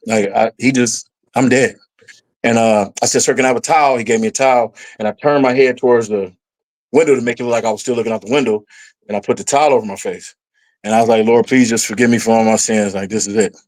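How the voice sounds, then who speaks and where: A middle-aged man talks as a guest on a casual podcast, telling a long personal story with lively energy. When he acts out his past self, his voice climbs higher. His pitch sits in the middle range for a man. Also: rough recording.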